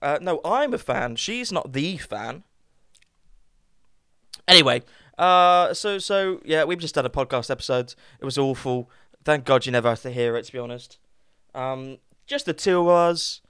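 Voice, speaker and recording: A man's voice: fairly high pitch, normal speed, smooth, no echo, studio quality. A young man co-hosting a podcast in casual chat, jokey and teasing, full of playful fake-outs. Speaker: podcast co-host.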